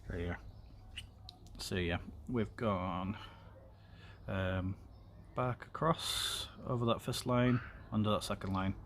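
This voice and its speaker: A man streaming a casual craft tutorial talks loosely in a fairly low voice that's fairly bright in tone, with fairly even intonation. He works with his hands as he goes, using lots of ums and wandering into side topics. Faint room noise sits underneath.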